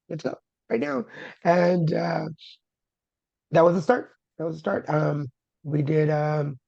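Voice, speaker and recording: A man's voice: a little high, creaky, darkish tone, no room sound. A man sharing his cancer story as a guest, candid and humorous, with dramatic retellings. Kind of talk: personal storytelling. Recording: dull lo-fi dry sound.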